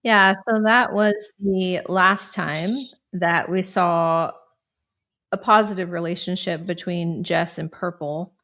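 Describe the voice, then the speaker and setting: A woman guest on a livestream calmly walking through a timeline of events. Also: lowish voice, takes it slowly. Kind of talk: recounting a timeline.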